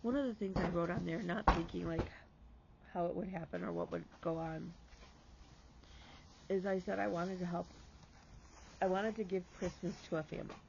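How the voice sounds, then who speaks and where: A man's voice: high-pitched, fairly even intonation, moderate pace, creaky, long pauses, muffled recording, background noise. A man hosting a stitching vlog, telling a heartfelt story in casual chat and dropping to a whisper for emphasis.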